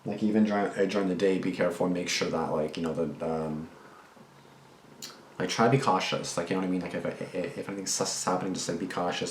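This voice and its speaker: A young man casually rambling through reaction commentary and a personal story, full of fillers, restarts and swearing. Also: sits low. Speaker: reaction channel host. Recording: echoey room with faint background noise.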